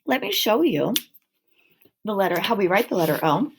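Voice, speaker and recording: A woman teaching a phonics lesson to young children, speaking slowly and clearly and stretching out sounds in an encouraging way. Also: mid-range voice, big pitch swings, a little hiss or hum.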